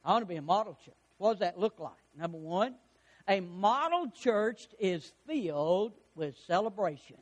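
High-voiced fervent preacher man. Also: expressive, normal speed. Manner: fervent, rising to shouts on key lines; preaching with call-and-response questions to the congregation. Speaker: pastor. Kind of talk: sermon.

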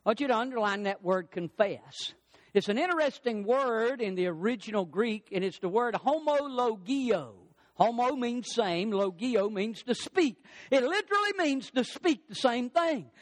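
A man's voice: very high voice, lively intonation, moderate pace. An older man preaching a sermon in an emphatic, repetitive preaching cadence, driving points home as a pastor.

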